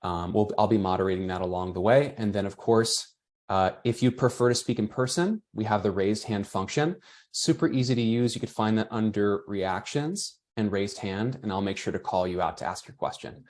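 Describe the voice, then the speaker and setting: Chatty low-voiced man hosting a webinar. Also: moderate pace, darkish tone. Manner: chatty, reads out attendee comments. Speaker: webinar host and moderator.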